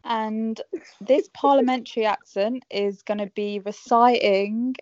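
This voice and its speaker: A woman's voice: a little high, steady tone, a little slow, darkish tone, no room sound, highs cut off. Teasing woman running a podcast game. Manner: bossy, teasing, cheering others on. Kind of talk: casual podcast chat.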